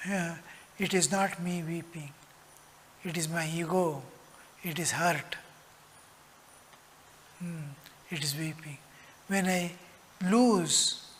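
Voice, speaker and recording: A man with a high voice delivers a slow, earnest spiritual discourse as a monk teacher. He lingers over his words and now and then drops almost to a whisper. The sound rings with the long reverb of a large hall. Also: fairly bright tone.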